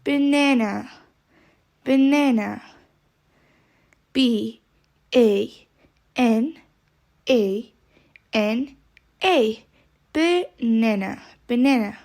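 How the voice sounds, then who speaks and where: Woman, English teacher, very slow drilling pace, repeats and spells words, fairly high voice. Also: vocal fry, darkish tone. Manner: repeats each word slowly, then spells it letter by letter.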